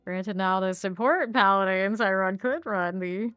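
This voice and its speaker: A woman's voice: medium pitch, a little slow, fairly bright tone, smooth, dry recording, soft background music. A woman streaming a game, chatting casually to herself as she plays, humming and counting under her breath. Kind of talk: casual gameplay commentary.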